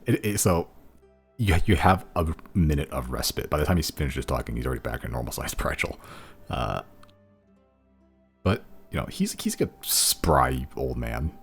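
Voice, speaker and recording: A man narrating a tabletop game as game master, rambling, relaxed and laughing often. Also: very deep voice, moderate pace, soft background music.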